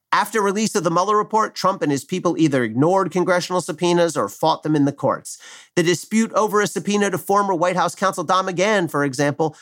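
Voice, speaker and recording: A middle-aged man, a former prosecutor, reading an opinion commentary in a measured, wry, argumentative way. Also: on the high side, fairly bright tone.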